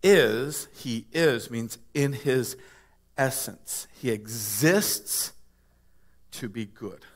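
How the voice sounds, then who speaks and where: A man's voice: medium pitch, lively intonation, extremely slow. A male pastor preaching a conversational sermon, repeating words and building to emphatic praise.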